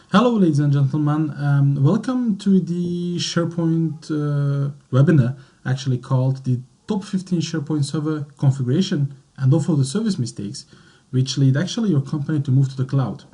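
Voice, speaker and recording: A man with a mellow, darker tone presents a technical webinar. He talks hesitantly, filling gaps with ums and uhs as he moves through his slides. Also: on the high side. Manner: hesitant, many fillers. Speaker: guest presenter.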